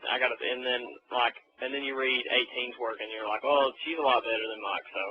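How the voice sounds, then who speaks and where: A man's voice: mid-range voice, fairly even intonation, brisk. A man co-hosting a casual podcast, joking and teasing the others. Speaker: podcast co-host. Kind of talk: casual chat. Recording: muffled audio with faint hiss.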